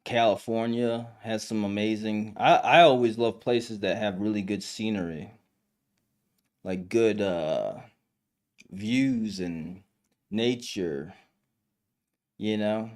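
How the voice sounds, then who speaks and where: A man's voice: fairly low pitch, slow, long pauses, a little mellow. A young man hosting a live stream podcast, telling stories and chatting casually with slang and fillers. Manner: loose storytelling, lots of slang and fillers.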